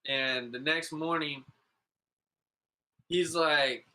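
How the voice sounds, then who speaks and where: A laid-back man talking casually on a podcast, his voice slightly high and very bright with a sharp edge. He rambles through stories, swears a lot and keeps saying "bro". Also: unhurried, rough recording. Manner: laid-back, profane, calls people "bro"; rambling, full of "like" and "you know". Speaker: podcast host. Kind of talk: casual storytelling chat.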